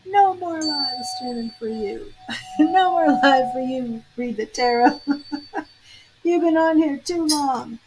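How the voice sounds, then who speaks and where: A woman's voice: high-pitched, slow pace, over music, voice pushed up, poor audio. A woman voicing a video platform that scolds a streamer, in a mock-stern, laughing manner.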